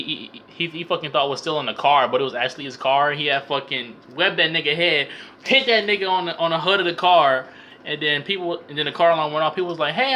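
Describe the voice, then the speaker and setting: Bright-voiced young man rambling through a film recap. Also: on the high side, slight background noise. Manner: rambling, stammers and repeats words, heavy slang and swearing. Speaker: vlogger reviewing a film. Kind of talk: casual profane comedic movie recap.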